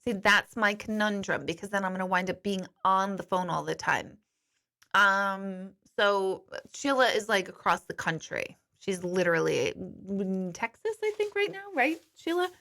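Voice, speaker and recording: An intuitive medium and life coach, she speaks unhurriedly in a bright, forceful, mid-range voice with lively intonation. During a chatty, candid live stream from a studio, she answers what viewers write, occasionally cursing and then excusing herself.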